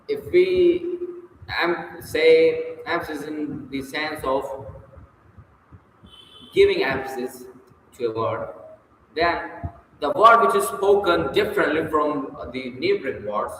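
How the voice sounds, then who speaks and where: A man's voice: on the high side, fairly bright tone. A man reading a textbook aloud in short, emphatic bursts, then answering its study questions off the cuff, sometimes hesitantly. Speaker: reader working through a textbook. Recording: very echoey room with long reverb, faint noise.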